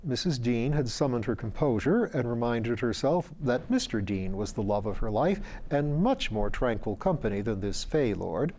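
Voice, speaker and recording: A man reading a fantasy story aloud in a measured, dryly wry narration. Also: medium pitch, expressive, darkish tone. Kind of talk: audiobook narration.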